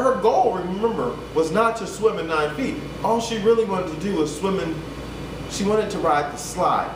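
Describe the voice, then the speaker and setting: A man, a fitness coach, telling a story and turning it into a motivational talk, often repeating himself as he builds to urgent appeals. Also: on the high side. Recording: echoey room, voice from a distance, background hum.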